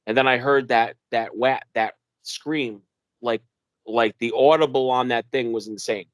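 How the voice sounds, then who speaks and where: A young man from New York telling a wilderness story in an animated way, acting out the voices of the people in it and using lots of fillers. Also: medium pitch, measured pace, dry recording. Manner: animated, acts out quoted dialogue in a raised voice, many fillers. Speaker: guest telling his encounter. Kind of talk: casual storytelling interview.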